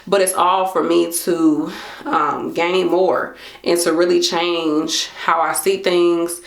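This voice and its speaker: A woman's voice: lowish voice, flat delivery, slow pace, gravelly, echoey room. A woman in her late twenties talking casually to camera, chatty and slangy, acting out her own thoughts. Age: late 20s. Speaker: vlogger.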